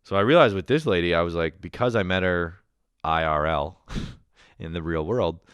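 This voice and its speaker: A man's voice: deep voice, normal speed, a bit bright, clear, resonant tone, no room sound. A young man ranting casually and sarcastically as a comedy host, rambling and swearing often.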